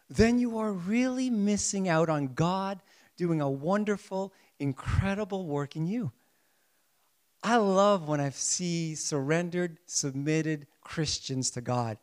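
A man preaching a sermon with passion, acting out prayers and swinging between hushed pleading and loud emphasis. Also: on the high side. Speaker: pastor.

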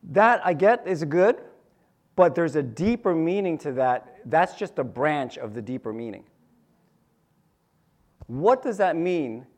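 Casting note: male preacher with a slightly high voice, folksy and chatty, asks the congregation questions. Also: expressive, measured pace, darkish tone. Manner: conversational storytelling, asks the audience questions; repeats phrases, restarts sentences. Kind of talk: sermon.

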